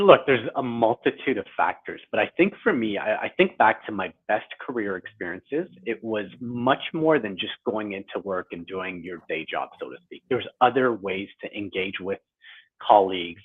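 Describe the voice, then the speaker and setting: Man, forties, low husky voice, reflective interview guest, phone-like thin sound. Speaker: guest author. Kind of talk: conversational interview. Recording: tinny phone-like line.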